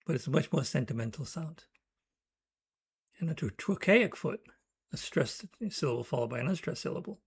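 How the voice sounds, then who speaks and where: Gravelly, husky man teaching poetry. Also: on the high side, expressive, moderate pace, long pauses. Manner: thoughtful, explains with spoken examples. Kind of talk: educational talk.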